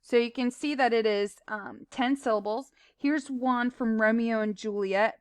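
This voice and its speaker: Woman, teacher, recorded lesson, fairly high voice, smooth, plain explaining with fillers. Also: unhurried, hardly any pauses.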